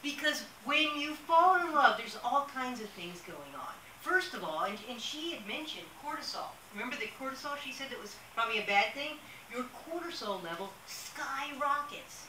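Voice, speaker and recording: A woman's voice: high-pitched, animated, normal speed, few pauses. A woman giving a live workshop talk, telling stories in a chatty way with asides. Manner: chatty storytelling with asides and laughter. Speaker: workshop speaker. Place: room with a live audience. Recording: distant mic in an echoey room, with hiss.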